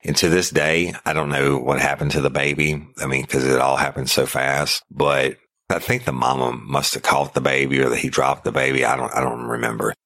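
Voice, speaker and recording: A man's voice: extremely low pitch, steady tone, fairly quick, sharp tone, no echo. A middle-aged man, a former deputy, bluntly and profanely telling a first-person story about a police call. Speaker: podcast host, former sheriff's deputy.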